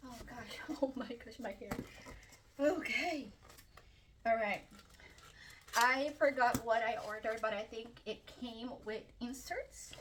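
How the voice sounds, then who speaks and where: Excitable woman unboxing books, slow-paced. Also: a little high, recorded from a distance, background noise. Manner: chatty and excitable, many fillers and gasps. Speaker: book vlogger. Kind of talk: casual unboxing vlog.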